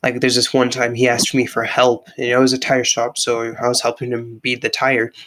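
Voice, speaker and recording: A man's voice: medium pitch, completely flat delivery, normal speed, fairly bright tone, low-quality recording. A young man telling a story in casual chat, rambling with lots of filler words, calling the listener bro, on a laggy online call. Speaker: podcast co-host.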